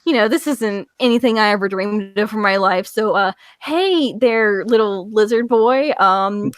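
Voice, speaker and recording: A woman's voice: mid-range voice, a little slow, clean tone, no room sound, studio quality, natural voice. A woman voicing a flustered, reluctant woman antihero with a Southern accent, rambling as she justifies herself. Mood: nervous. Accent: American Southern. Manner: rambling self-justifying drawl.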